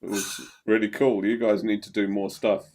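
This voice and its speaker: A man's voice: fairly low pitch, flat delivery, normal speed, darkish tone. A man hosting a podcast in casual chat, hesitant and wry, trailing off and circling back. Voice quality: hesitant, vague, full of ums and restarts, wry. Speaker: podcast host.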